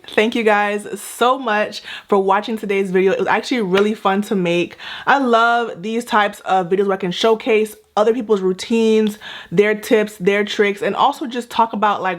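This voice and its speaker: A young woman talks through a casual reaction vlog in a chatty, playful way. She leans on emphatic repeats and quick asides, her voice sitting at an ordinary middle pitch. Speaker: natural hair vlogger.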